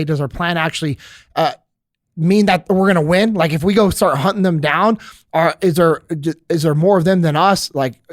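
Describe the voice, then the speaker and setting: A man speaking as a podcast guest, earnest and steady, with frequent filler words. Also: a little high, no room sound, studio quality. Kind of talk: casual podcast chat.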